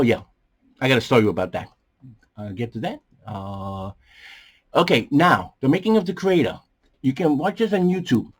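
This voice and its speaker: A man hosting a movie review show from a small bedroom studio, talking in a rambling, animated way with many fillers and a strained, coughing voice. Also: mid-range voice, slightly rough. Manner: animated, jumps around, many fillers and restarts. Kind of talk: casual rambling commentary.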